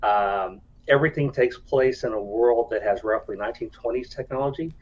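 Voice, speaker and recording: A man's voice: mid-range voice, moderate pace. A man on a video call explains his game setting plainly, one point after another. His audio comes through dull and lo-fi. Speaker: guest game designer.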